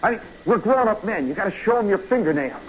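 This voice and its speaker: A man hosting a radio show, telling a long story in a rambling, animated way, full of asides and "you know"s. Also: sits high, quick pace. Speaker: radio host. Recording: muffled old radio broadcast with faint hiss.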